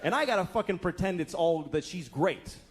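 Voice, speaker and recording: A man in his thirties doing a stand-up comedy set, profane and exasperated, acting out characters in quick asides. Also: high-pitched, lively intonation, a little hiss or hum. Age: 30s.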